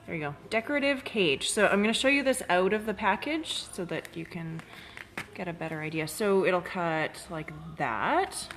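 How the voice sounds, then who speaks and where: A woman's voice: fairly low pitch, lively intonation, moderate pace, background noise. Chatty woman hosting a craft livestream. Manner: chatty, many fillers, greets viewers by name. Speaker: craft shop host. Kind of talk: live-streamed product demo.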